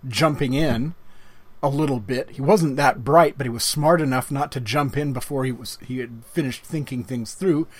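A man co-hosting a casual podcast chat with an author, playful and quick to laugh. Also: medium pitch, dry recording. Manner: lively, laughs easily, playful self-mocking. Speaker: podcast co-host interviewing an author.

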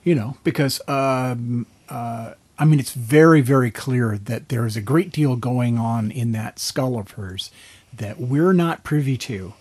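A man hosting a casual panel chat with voice actors, asking halting questions. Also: medium pitch, a little mellow, slightly rough, dry recording. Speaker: host.

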